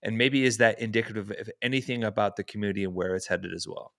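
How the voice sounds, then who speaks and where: A man's voice: fairly low pitch, fast, gravelly, a bit bright, no echo, studio quality. A man hosting a podcast, asking thoughtful, long-winded interview questions. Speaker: podcast host.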